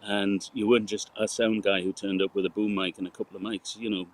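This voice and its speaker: A man from Newcastle with a softened Geordie accent, a guest telling stories in a rambling, casual interview over a video call. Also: lowish voice, flat delivery, a little fast, low-quality recording. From Newcastle, England. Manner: rambling storyteller, laughs and fillers. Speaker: guest, sound engineer.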